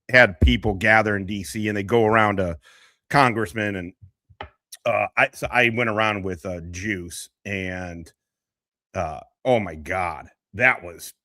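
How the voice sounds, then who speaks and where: Hosting a casual livestream, a veteran rambles in a profane, emotional way. His voice is fairly low in pitch yet bright and forceful, with no echo.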